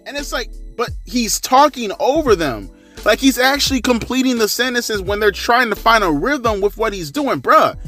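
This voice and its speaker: A man in his thirties giving a casual, profane, slangy rant as a wrestling commentary vlogger. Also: high-pitched. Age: 30s. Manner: slangy, animated, crude.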